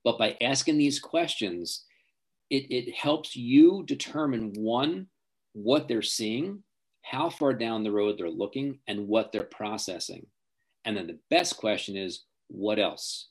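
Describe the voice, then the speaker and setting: A man's voice: medium pitch, animated, a little slow. A middle-aged man, a driving coach, giving emphatic advice as an interview guest. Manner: emphatic, acts out quoted parents and teens.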